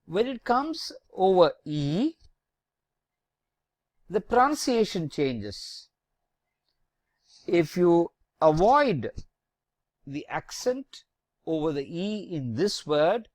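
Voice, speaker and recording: This French teacher talks very slowly and carefully, drawing out each letter as they spell it. The voice rises and falls in a lively way, and the recording sounds dry and close. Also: medium pitch, no echo. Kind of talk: slow, deliberate language lesson.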